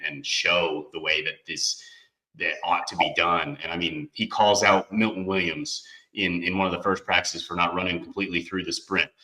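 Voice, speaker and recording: A man's voice: rumbling low, bright, forceful tone, recorded from a distance, rough recording. A man hosting a sports podcast, talking with enthusiasm and emphasis as he piles up phrase after phrase. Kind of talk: casual sports talk.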